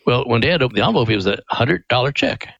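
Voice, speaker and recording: A man's voice: medium pitch, expressive, quick pace, vocal fry, fairly bright tone, husky, dry recording, dull audio. Folksy man telling a story. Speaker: ministry president, guest. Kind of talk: radio interview storytelling.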